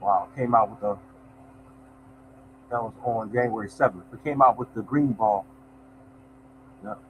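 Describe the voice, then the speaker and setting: A man's voice: on the low side, unhurried, narrow, tinny audio, a little hiss or hum. A man hosting a lottery numbers show, chatting loosely to viewers and reading out numbers. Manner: loose, conversational, reads out numbers, addresses viewers as y'all. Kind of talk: casual livestream chat to viewers.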